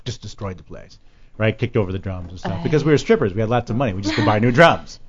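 A man's voice: lowish voice, animated, fast, highs cut off, a crowd in the background. A man who is a guest on a chat show, telling rambling stories, acting out other people's lines and swearing freely. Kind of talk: casual talk-show chat.

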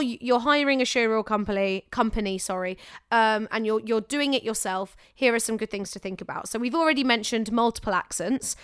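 Chatty actress giving career advice. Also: female voice, a little high, smooth, no echo, studio quality. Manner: chatty, animated, self-correcting. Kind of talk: casual advice chat.

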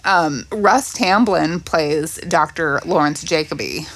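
A woman co-hosting a casual podcast, going through a cast list in a relaxed, chatty way. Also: low-pitched, slow pace. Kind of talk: casual chat.

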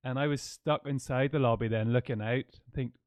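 A man hosting a running podcast, telling stories in a lively, laughing way. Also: mid-range voice, a little fast, dry recording. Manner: animated storyteller, laughs often. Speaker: podcast host. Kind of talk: conversational interview.

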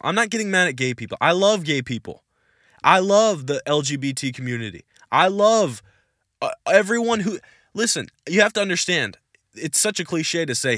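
A man with a higher-pitched, bright, pushed voice hosts a Christian podcast Q&A. He answers questions emphatically and insistently, in a preachy way, repeating his points. The recording is clean studio sound with no room echo.

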